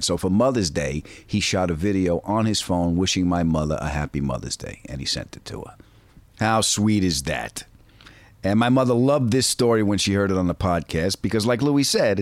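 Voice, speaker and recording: A man's voice: lowish voice, no echo. A young man hosting a podcast, joking playfully while chatting and narrating. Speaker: podcast host. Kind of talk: casual chat and show narration.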